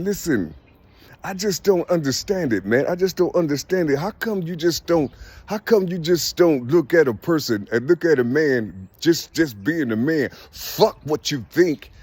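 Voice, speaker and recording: A husky, high-voiced man preaches a rambling street monologue, his voice swooping up and down as he keeps asking "you see?" and breaks into laughter. The sound is dry and close, with no room echo. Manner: drops to a soft murmur when talking to birds.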